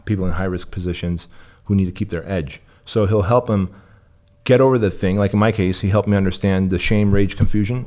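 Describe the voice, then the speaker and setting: A man's voice: sits low, steady tone, brisk, a little mellow. A man from Armenia, the guest in an interview, telling his story bluntly and with profanity. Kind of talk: candid interview talk.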